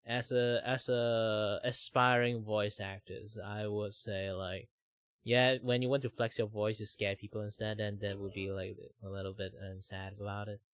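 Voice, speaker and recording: A man's voice: lowish voice, flat delivery, moderate pace, a bit bright, clean tone, no echo, clean studio sound. A man from Malaysia, chatting casually as the stream's host and rambling with lots of fillers. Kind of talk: casual chat.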